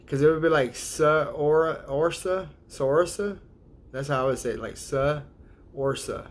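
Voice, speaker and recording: A man's voice: mid-range voice, normal speed. A man hosting a casual livestream, rambling and hesitant, laughing often as he sounds out viewers' names. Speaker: livestream host.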